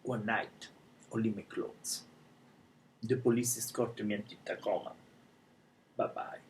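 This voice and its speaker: A man telling a dramatic personal story live in broken non-native English, often dropping to a hushed whisper. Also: lowish voice, steady tone, unhurried, a little hiss or hum, poor audio. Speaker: life coach telling his story.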